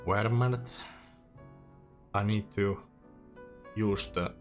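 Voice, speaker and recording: A man's voice: fairly low pitch, steady tone, slow, faint music behind. A young man with a Finnish accent chatting casually on a game stream, self-deprecating and talkative. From Finland. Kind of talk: casual gaming stream chat.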